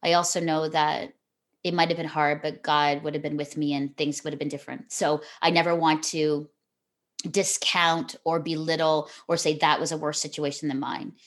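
Low-voiced woman telling her story. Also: flat delivery, moderate pace. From Canada. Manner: earnest, heartfelt, frequent "you know" and restarts. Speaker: guest, television host. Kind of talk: emotional personal storytelling.

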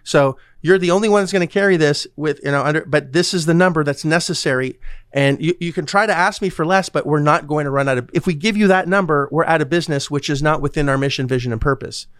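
In a dry, studio-quality recording, a podcast host and real estate investor talks fast in a high, fairly bright, clear and resonant voice. His casual chat about real estate deals is blunt, full of free swearing, and he acts out what other people said.

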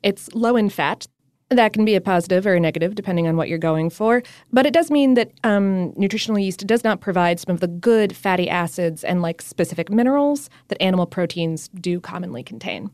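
A woman's voice: fairly low pitch, a little fast, a little mellow, dry recording. A woman co-hosting a casual podcast, talking in a chatty, upbeat way. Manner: chatty and upbeat, with frequent fillers and laughs. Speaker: podcast co-host.

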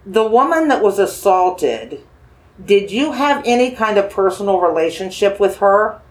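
A very animated, mid-range voice belongs to a paranormal investigator gently questioning a spirit with dowsing rods. The speaker coaxes and reassures, repeats phrases, and asks slow yes-or-no questions.

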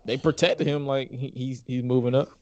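A man's voice: medium pitch, level tone, moderate pace, darkish tone, no echo, highs cut off. A man co-hosting a casual wrestling chat, blunt and swearing freely. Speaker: podcast co-host.

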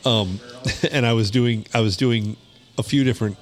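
A man's voice: mid-range voice, moderate pace, faint music behind. A man with a Michigan accent, co-hosting a podcast in blunt, matter-of-fact casual chat. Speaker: podcast co-host.

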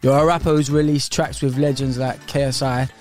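A young man hosting a casual phone-in podcast, laid-back and chummy, backing his guest with quick agreements. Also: medium pitch, fairly even intonation, a little mellow, faint music behind. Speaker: host.

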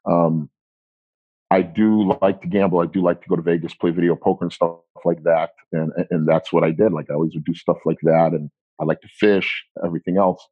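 A man in his forties talking casually as an interview guest, rambling and self-deprecating, quick to laugh. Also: low voice, level tone, no room sound, narrow, tinny audio. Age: 40s.

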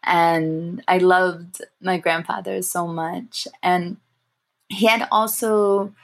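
A young woman, a guest in an interview, telling personal stories in a thoughtful, warm way with soft laughs and pauses. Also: on the low side, steady tone. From grew up in England, family from Sri Lanka. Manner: thoughtful, warm, laughs softly, frequent fillers. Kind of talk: reflective personal storytelling.

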